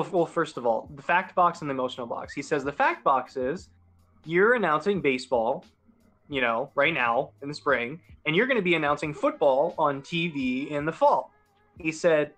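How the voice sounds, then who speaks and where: A man's voice: a little high, fairly bright tone. Earnest young man rambling anxiously. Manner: earnest, rambling, self-doubting. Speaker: podcast guest and sports announcer. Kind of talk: casual podcast chat.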